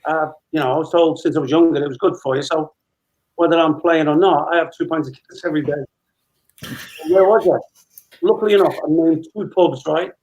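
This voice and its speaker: This man in his fifties is a guest spinning a long, casual anecdote, acting out the dialogue with laughs as he goes. His voice runs on the high side, a little fast and a little mellow, and the audio is dull.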